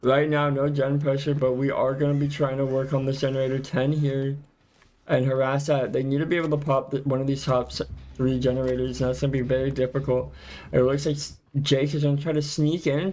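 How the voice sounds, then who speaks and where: An esports caster gives play-by-play commentary on a live video game match, chatty and quick to exclaim. He often corrects himself mid-sentence, speaking in a mid-range voice with a darkish tone.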